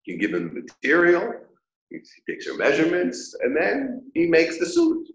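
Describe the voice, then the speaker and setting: A man teaching a Torah class, an animated storyteller who acts out the characters of his parables. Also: sits high, normal speed, highs cut off. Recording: echoey room.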